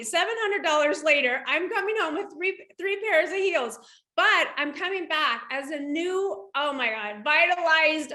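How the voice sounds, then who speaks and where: A woman in her forties, a shoe boutique owner appearing as a guest, tells a personal story in a casual interview. Her high, bright voice is animated, and she acts out quotes in character voices with big pitch jumps. The room sounds echoey.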